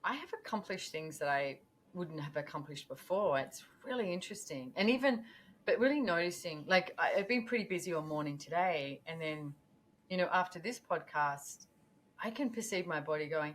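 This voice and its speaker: A woman talking as a podcast guest in a casual, animated way, acting out her own thoughts as she goes. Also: sits low, moderate pace, slight background noise. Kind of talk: casual conversational interview.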